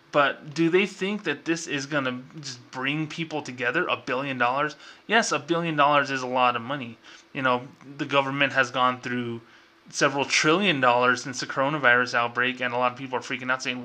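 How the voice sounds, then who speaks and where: Man, podcast host, very bright piercing tone, mid pitch, exasperated casual rant, sarcastic, lots of um and you know. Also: moderate pace. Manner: exasperated, sarcastic, many fillers and restarts. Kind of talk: casual ranting commentary.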